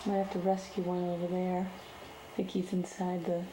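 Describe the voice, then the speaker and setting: A woman's voice: on the low side, completely flat delivery, normal speed, reverberant, noisy background. A woman filming at home, giving playful running commentary and talking to pets in a sing-song voice. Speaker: home video narrator.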